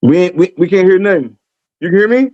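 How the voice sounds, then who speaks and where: A man's voice: high voice, animated, fast talker, darkish tone, no room sound, dull audio. A man co-hosting a casual live stream, laid-back and full of slang, laughing often.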